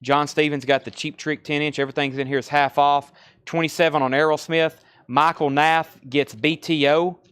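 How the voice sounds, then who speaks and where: A man from Tennessee with a Southern accent, hosting a live record sale and briskly calling out titles, prices and buyers. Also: fairly high pitch, fairly bright tone, clear, resonant tone. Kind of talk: live-stream sales patter.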